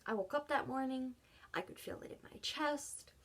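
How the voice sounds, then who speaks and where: Her voice sits high as this woman vlogger recounts her own story unscripted. She speaks haltingly and emotionally, often dropping to a soft, breathy voice between pauses.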